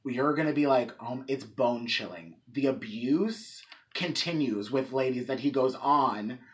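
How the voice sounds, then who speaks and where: A man at a podcast mic, tossing out curses as he gets wound up in a story. His voice sits at a middling pitch, and he talks in a loose, chatty way packed with "like" and restarts. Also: unhurried. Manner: animated, profane storytelling with lots of "like". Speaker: podcast co-host. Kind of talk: casual chat.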